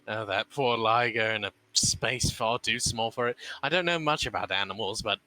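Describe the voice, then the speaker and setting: A man narrates his character in a tabletop role-play, stumbling and restarting as he speaks. His tone is bright, with a faint music bed underneath. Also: fairly low pitch, no room sound, low-quality recording. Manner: halting, stumbling over words. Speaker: player.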